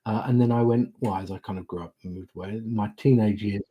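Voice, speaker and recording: A man's voice: lowish voice, steady tone, fast talker, mellow, breathy edge, low-quality recording. A man, hosting a casual live stream, chatting and rambling as he greets viewers. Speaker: livestream host, witch doing readings.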